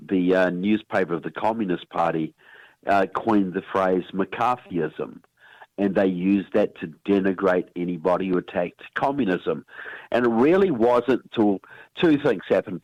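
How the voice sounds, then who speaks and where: A man's voice: sits low, no room sound, poor audio. A man with a New Zealand accent, speaking as a guest expert in a radio interview, making his points emphatically and often repeating words as he builds up to them.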